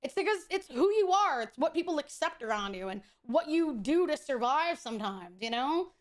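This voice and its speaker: A woman streamer with a high voice chats casually while she plays a game. She is blunt, profane and opinionated, and she speaks her mind. Nothing she says is held back. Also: very animated, normal speed. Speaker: VTuber streamer. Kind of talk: casual chat while gaming.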